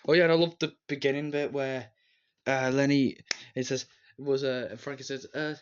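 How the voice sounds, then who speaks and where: A man's voice: medium pitch, fairly even intonation, normal speed, clear, resonant tone. Rambling man with a dull lo-fi sound. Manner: rambling, strings scenes together with "and then"; briefly acts out characters' lines with silly voices. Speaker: film reviewer. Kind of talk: casual movie review.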